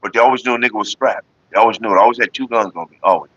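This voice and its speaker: A Northern California vlogger with a fairly low voice races through viewer questions in a relaxed, rambling, foul-mouthed way, talking about keeping calm. The recording is dull and lo-fi.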